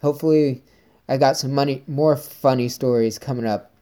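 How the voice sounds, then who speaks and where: A man hosts his own podcast and rambles through a story in an upbeat, chatty way. His voice is mellow and relaxed, sitting in a middle pitch. He talks to his listeners like friends. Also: moderate pace. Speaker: podcast host. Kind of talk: casual solo podcast monologue.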